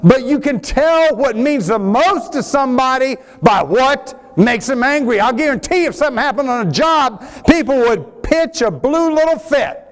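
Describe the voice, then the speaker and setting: A man preaching a sermon, animated, swinging between emphatic and quieter passages. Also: extremely high pitch, normal speed, few pauses. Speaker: pastor.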